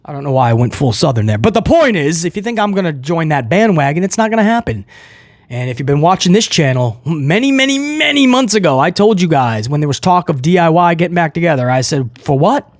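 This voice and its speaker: A man's voice: a little high, sing-song, fast, dry recording, clean studio sound. A man reviewing a wrestling show, ranting with frustration in an emphatic, opinionated way.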